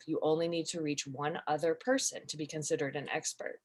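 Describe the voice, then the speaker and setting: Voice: mid-range voice, steady tone, a little fast, few pauses, a bit bright. A guest on a casual video call, sharing a lesson in a playful way and laughing easily. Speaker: community member sharing a lesson.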